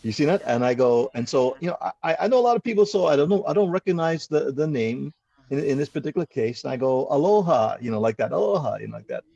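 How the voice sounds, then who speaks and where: Gravelly man, lo-fi call audio. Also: medium pitch, fast talker. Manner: animated storyteller who acts out quoted exchanges. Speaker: host. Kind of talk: casual storytelling chat. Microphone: video call.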